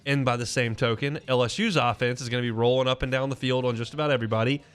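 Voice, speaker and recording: A man's voice: medium pitch, fairly even intonation, quick pace, smooth. A man hosting a sports talk radio show, giving casual, opinionated takes with frequent restarts. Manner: conversational, opinionated, many restarts. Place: radio studio. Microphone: studio mic.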